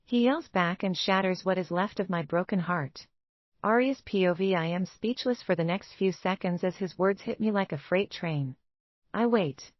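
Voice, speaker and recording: A woman reading a first-person romance novel aloud in a measured, even way. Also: on the low side, no room sound, lo-fi sound. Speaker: audiobook narrator.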